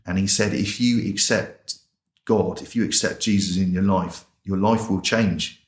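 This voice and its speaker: A low-pitched man from England speaks at a moderate pace in a roomy-sounding setting. He's a chaplain and interview guest, telling his testimony story-style in a colloquial, plain-spoken way and acting out the dialogue he remembers.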